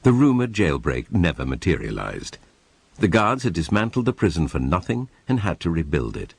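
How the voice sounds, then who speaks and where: A man narrating a documentary in a measured, dramatic scripted read. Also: low-pitched, very animated, vocal fry, breathy edge, dry recording.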